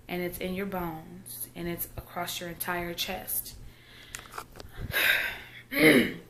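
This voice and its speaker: A Southern woman in her thirties talks in a personal vlog, her voice on the lower side. She speaks quietly and haltingly, often trailing off mid-thought. A faint noise sits under the recording. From Texas. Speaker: vlogger.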